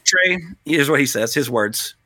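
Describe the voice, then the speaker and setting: A man's voice: mid-range voice, lively intonation, unhurried, pushed and bright, dry recording. A man hosting a podcast in casual, rambling chat, joking at his own expense. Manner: rambling, self-deprecating, joking. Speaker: podcast host.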